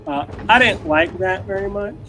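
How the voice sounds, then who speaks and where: A man's voice: high voice, moderate pace, sharp tone, faint music behind. A man playing a tabletop game, casually calling out his character's moves. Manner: casual, declares his moves matter-of-factly. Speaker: player.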